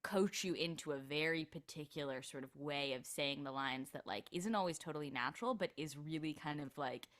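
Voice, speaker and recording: A young actress talks as a podcast guest. Her voice sits low but has a bright, forward edge. She rambles happily and scatters "like" through every sentence. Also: fairly quick, hardly any pauses. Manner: chatty, lots of "like" fillers. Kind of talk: casual interview chat.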